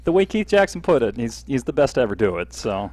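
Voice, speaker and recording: A man co-hosting a live sports chat show, easygoing and quick to laugh. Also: mid-range voice, sing-song, darkish tone, no room sound, rough recording. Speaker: podcast co-host. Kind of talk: casual chat.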